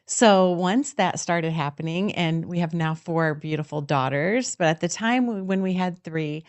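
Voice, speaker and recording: A woman's voice: fairly low pitch, measured pace. A woman guest on a talk show with a Midwestern American accent, speaking in a friendly, affirming way. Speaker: guest, jewelry business founder. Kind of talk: interview.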